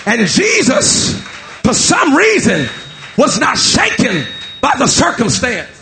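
Shouting high-voiced male preacher, gravelly. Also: huge pitch swings, slow pace, soft background music. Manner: chanting, shouted preaching with many "uh" fillers. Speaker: pastor. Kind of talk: sermon.

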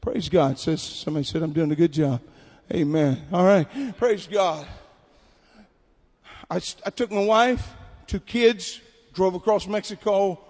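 A man preaching a sermon at a camp meeting, telling stories and building to shouted exhortation. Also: sits high, measured pace. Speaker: pastor. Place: large hall at a camp meeting. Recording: long hall reverb.

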